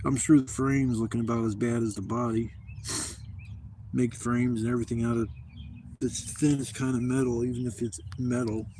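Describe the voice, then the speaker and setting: A man's voice: medium pitch, level tone, moderate pace, mellow, a little hiss or hum. A man in his fifties telling rambling, profane stories in a casual vlog from a campsite. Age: 50s. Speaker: camping vlogger. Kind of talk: casual storytelling to camera. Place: outdoors at a campsite.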